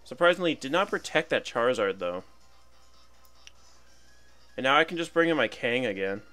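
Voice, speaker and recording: A man's voice: mid-range voice, animated, normal speed, bright, forceful tone, faint music behind. A young man casually commentating his own battle game, chatty and playful, thinking aloud about each move. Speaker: gaming commentator.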